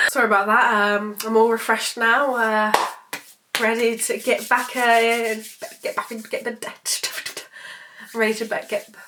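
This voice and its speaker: A woman's voice: a little high, little pitch movement, measured pace, background noise. A woman, telling a personal story to camera in a rambling, emotional way, swearing freely. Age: 20s. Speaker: vlogger. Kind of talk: casual storytelling vlog.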